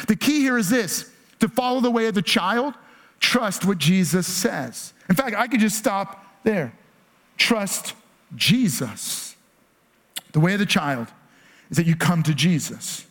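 High-voiced man preaching a casual sermon. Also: big pitch swings, a little slow. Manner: conversational preaching, rhetorical "right?" asides; acts out children's pleading voices. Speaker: pastor.

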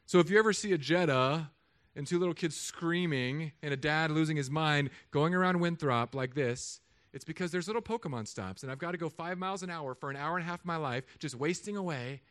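A man in his thirties, a pastor, preaching a sermon with animated, humorous storytelling. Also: on the high side, brisk.

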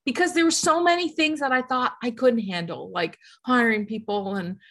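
A woman's voice: on the high side, moderate pace, fairly bright tone. Reflective woman with a Newfoundland accent. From Newfoundland, Canada. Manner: reflective, earnest, many fillers and restarts. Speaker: guest. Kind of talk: casual conversational interview.

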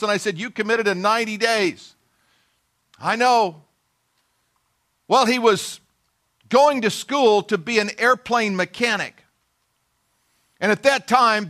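A middle-aged man preaches with a high, bright voice. He tells a personal story in a folksy, self-deprecating way and slips into the voices of the people he quotes. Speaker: pastor. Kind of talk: sermon storytelling.

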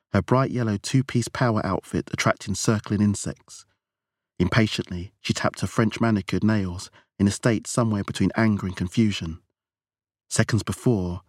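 Male narrator for audiobook, very low voice, dry close recording. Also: dry recording.

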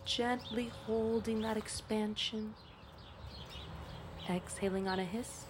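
A woman leads a breathing and voice exercise, taking her time between each instruction. Her voice sits at a middle pitch and stays calm and coaching throughout. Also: takes it slowly, background noise.

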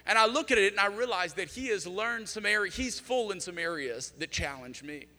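A man's voice: high voice, lively intonation, fairly quick, pushed and bright. A pastor in his thirties preaching a sermon in a conversational, storytelling way, acting out both sides of the conversations he recalls. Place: church sanctuary. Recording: long church-hall reverb.

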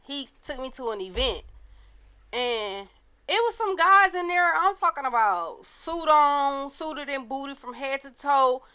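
Bright-voiced woman, blunt chat. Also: sits high, animated, measured pace. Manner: blunt, disgusted, laughing. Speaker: podcast co-host. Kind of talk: casual chat.

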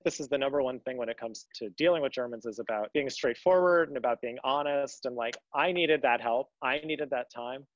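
A man's voice: mid-range voice, brisk, few pauses, no room sound, lo-fi sound. A young man talking about his time abroad in an interview, earnest and rambling, often restarting his sentences. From United States. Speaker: guest. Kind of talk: conversational interview.

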